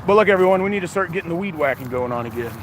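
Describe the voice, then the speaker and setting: Out on wind-swept cemetery grounds, a man vlogs on his phone, talking earnestly and rambling casually to his viewers. He speaks at a racing pace in a slightly high voice with lively intonation, and wind noise fills the recording.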